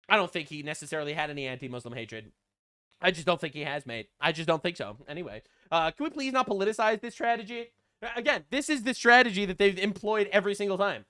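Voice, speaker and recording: A man's voice: high voice, fast, pushed and bright. A man giving sarcastic, profane political commentary, mocking the people he talks about. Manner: mimics quoted politicians in put-on voices.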